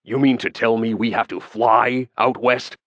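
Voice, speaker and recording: A man voicing a gruff, stubborn male dwarf in an audiobook. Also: mid-range voice, fairly even intonation, measured pace, a bit bright, dry recording, lo-fi sound, pitched above the performer's own voice, close to an everyday voice. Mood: indignant.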